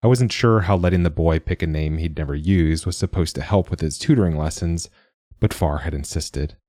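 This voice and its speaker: A man giving measured, wry, reflective first-person audiobook narration. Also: low-pitched, warm tone, no room sound, clean studio sound.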